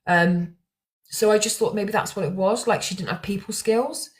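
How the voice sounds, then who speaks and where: A woman's voice: mid-range voice, moderate pace. A young woman talking to camera about true crime, emotional and rambling, with restarts and fillers. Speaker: true crime content creator. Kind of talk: casual talk to camera.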